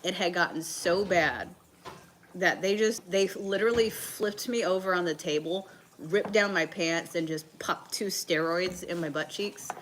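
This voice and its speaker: A woman's voice: lowish voice, unhurried, a bit bright, a little hiss or hum, rough recording. A sick woman from the American South, a livestream host telling a story casually, with plenty of fillers and swearing. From Southern United States. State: sick with a bug.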